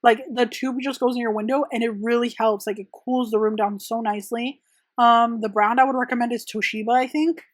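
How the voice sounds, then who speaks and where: A woman's voice: on the high side, fairly even intonation, fairly quick, no echo. A young woman who makes press-on nails, chatting casually and rambling through viewer questions with many "like" and "um" fillers. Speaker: press-on nail artist and channel host. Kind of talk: chatty Q&A vlog. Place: her home room.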